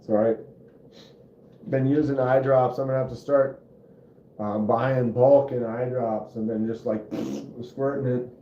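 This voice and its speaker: Slow, laid-back man on a muffled phone mic. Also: medium pitch, fairly even intonation, warm tone. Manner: rambling, laid-back, many fillers. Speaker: knife channel host. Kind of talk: casual live-stream chat. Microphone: phone microphone. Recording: muffled, roomy phone audio.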